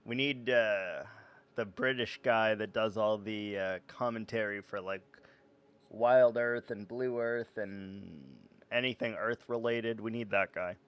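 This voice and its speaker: A man's voice: fairly low pitch, steady tone, measured pace, a bit bright, clean tone. A man streaming a game live, chatting casually in a rambling, self-deprecating way.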